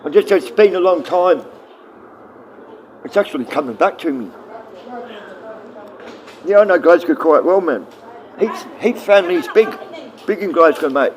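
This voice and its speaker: Rambling, high-pitched man on a livestream. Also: lively intonation, unhurried, pauses often. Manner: rambling, swearing, casual and blunt. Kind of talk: rambling livestream chat, answering viewers.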